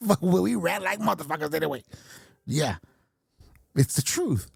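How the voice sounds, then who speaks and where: A man's voice: fairly high pitch, very animated, measured pace, gravelly, long pauses, breathy edge, no room sound, clean studio sound. Blunt, foul-mouthed man ranting. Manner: blunt, swears constantly, laughs at his own points. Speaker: podcast host. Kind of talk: profane ranting monologue.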